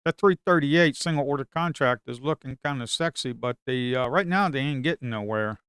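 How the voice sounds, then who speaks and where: A man's voice: mid-range voice, brisk, fairly bright tone, smooth, no echo, clean studio sound. A man giving live trading commentary to viewers, muttering and repeating phrases to himself, now and then swearing at the market. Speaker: live-streaming futures trader.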